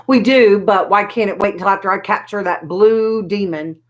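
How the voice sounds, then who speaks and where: A woman doing a blustering, shouting old farmer. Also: mid-range voice, moderate pace, highs cut off, natural voice. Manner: shouting, gruff and impatient. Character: blustering, loud-mouthed male farmer.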